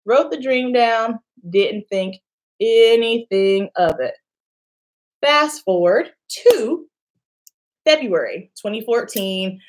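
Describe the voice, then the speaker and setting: Animated young woman storytelling to camera. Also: fairly high pitch, slow pace. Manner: animated, acts out quoted voices, laughs often. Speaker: beauty vlogger.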